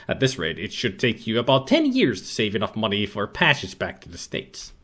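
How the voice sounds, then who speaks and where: A man commentating a retro adventure game, with an animated pitch that jumps around as he jokes. He reads the on-screen text aloud and throws in dry, sarcastic asides. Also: fairly quick. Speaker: let's play commentator.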